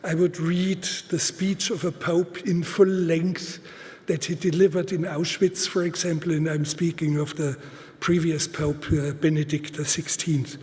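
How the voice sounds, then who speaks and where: A man gives a live conference talk in deliberate, halting speech, with fillers and restarts, stressing points by repeating words. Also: a little high, flat delivery, darkish tone. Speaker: conference speaker. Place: large auditorium. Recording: long hall reverb.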